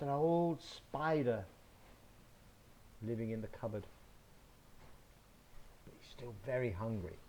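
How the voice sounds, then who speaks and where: A man reading a picture book aloud to children, slow and expressive, adding sound effects. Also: mid-range voice, a little hiss or hum. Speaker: storyteller.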